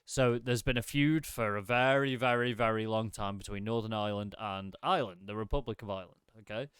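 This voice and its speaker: Podcast co-host, male, smooth clear voice on a dry mic, casual, laughs a lot, stop-start explaining. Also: lowish voice, fairly bright tone, no room sound. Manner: laughs often, halting restarts while explaining. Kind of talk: casual chat.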